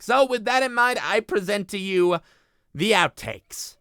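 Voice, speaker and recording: A man's voice: sits high, very animated, moderate pace, sharp tone, clear, resonant tone, soft background music. A man talking casually in a vlog, dry and self-mocking. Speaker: voice actor.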